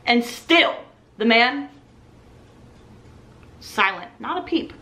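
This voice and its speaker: A young woman in her twenties, a restaurant server, telling a story in a casual, animated way and acting out the voices of customers. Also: fairly high pitch, normal speed, long pauses, echoey room.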